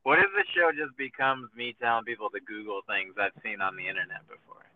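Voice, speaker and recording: This podcast host has a fairly low voice and talks fast in a casual chat, rambling and swearing as he tells stories and imitates the people he quotes. The line sounds tinny and phone-like, lo-fi with a faint hiss.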